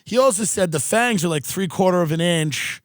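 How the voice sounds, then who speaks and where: A man's voice: high-pitched, no room sound, studio quality. A man hosting a podcast, telling a funny story with sardonic asides. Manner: sardonic, animated anecdote-telling with quick asides. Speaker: podcast host.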